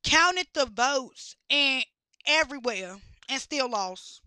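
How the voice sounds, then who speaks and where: A woman's voice: high voice, animated, slow pace, sharp tone, clean tone, no echo, studio quality. A woman ranting bluntly with heavy cursing and exasperated rhetorical questions. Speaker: podcast host. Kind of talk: profane rant.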